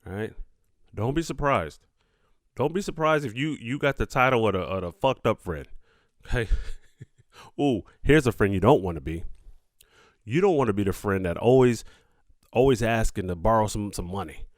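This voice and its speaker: A man's voice: fairly low pitch, expressive, moderate pace, long pauses, no room sound, clean studio sound. A young man hosting a podcast alone, talking straight to his listeners in a profane, laughing, casual way. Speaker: podcast host. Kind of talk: casual solo podcast monologue.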